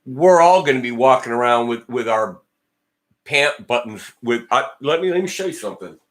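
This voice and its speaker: A man's voice: mid-range voice, lively intonation, normal speed, fairly bright tone. A man hosting a casual livestream, rambling and joking as he talks back to viewer comments. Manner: joking and blunt. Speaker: guitar channel host.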